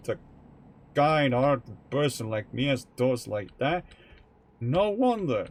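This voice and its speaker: A young man talking to his live-stream chat from a home gaming setup. He speaks slowly in a mid-pitched voice, rambling and candid, and swears freely as he thinks out loud. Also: big pitch swings. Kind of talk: casual live-stream chat while playing a truck game.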